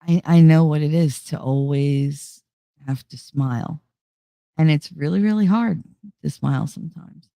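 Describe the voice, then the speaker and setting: A woman's voice: low voice, a little slow, gravelly, mellow, dry recording. A woman hosting a casual livestream chat, talking candidly and confidingly, swearing freely and laughing often. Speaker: livestream host.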